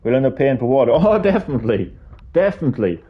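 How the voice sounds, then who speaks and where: A man's voice: medium pitch, big pitch swings, fast talker, slightly rough, highs cut off. An Irish man streaming a game, ranting casually and heatedly with lots of swearing. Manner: profane, heated, rambling. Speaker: gaming streamer.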